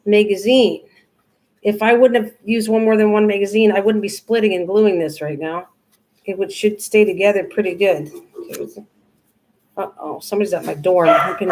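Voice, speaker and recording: A woman's voice: mid-range voice, poor audio. An older woman hosting a live crafting stream, chatting casually, rambling and answering viewers as she works. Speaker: crafting livestream host.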